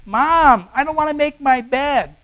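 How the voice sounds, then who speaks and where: Man doing a whiny little kid, high nasal twang, complaining, sermon aside. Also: unhurried, sharp tone, full character voice. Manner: whining twang. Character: whiny young child complaining to parents.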